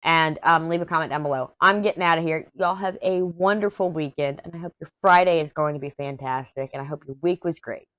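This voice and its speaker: A low-pitched woman talks through her crafting vlog in a hoarse, tired voice. She rambles and pokes fun at herself with little energy. The sound is dry and close. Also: brisk, few pauses, no echo, highs cut off. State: hoarse, worn out. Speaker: crafting YouTuber. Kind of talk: casual chat while diamond painting.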